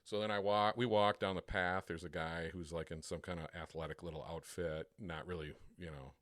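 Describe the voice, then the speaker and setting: A man co-hosting a podcast, telling a crude, profane story with plenty of swearing and quick imitations of other people. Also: low-pitched, steady tone, a bit bright, no echo, studio quality. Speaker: podcast co-host. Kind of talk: casual storytelling chat.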